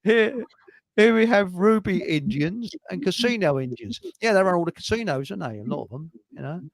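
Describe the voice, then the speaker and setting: A man's voice: sits high, expressive, moderate pace, vocal fry, no room sound. A man hosting a casual livestream, reading out viewer comments and laughing at his own crude jokes. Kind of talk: casual chat.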